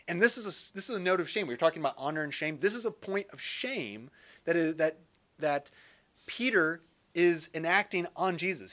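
A man teaching a Bible session in sermon style, animated and lively, acting out quotes with jokey asides. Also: a little high.

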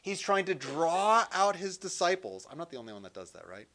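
A man teaching through a Gospel passage in a relaxed, conversational sermon style, reading scripture aloud and adding light jokes. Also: fairly high pitch, a little fast. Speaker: Bible teacher.

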